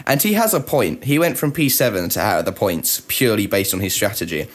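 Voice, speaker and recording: A man with a fairly low voice, co-hosting a chatty podcast. He talks in a wry, self-deprecating way and often laughs mid-sentence. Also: animated, brisk, few pauses. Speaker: podcast co-host. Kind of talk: casual chat.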